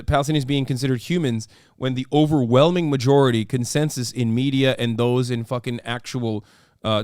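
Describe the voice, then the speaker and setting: A man's voice: medium pitch, clear, resonant tone, dry recording, clean studio sound. A man hosting a stream, giving casual political commentary in a heated, profane way. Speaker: streamer host.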